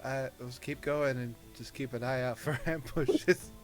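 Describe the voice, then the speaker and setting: A man taking part in a tabletop game. He chats casually and jokes around with the group. His voice sits at a middle pitch. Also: measured pace, faint music behind. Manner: joking and chatty. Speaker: player.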